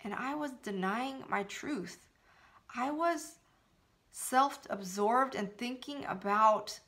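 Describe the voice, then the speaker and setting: A woman's voice: fairly high pitch, slow, fairly bright tone. A woman speaking as a spiritual coach in an earnest, emphatic motivational talk, laughing now and then.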